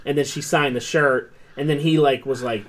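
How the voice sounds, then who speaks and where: Animated, swearing man telling a story. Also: on the high side, normal speed. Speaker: podcast co-host. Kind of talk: casual chat.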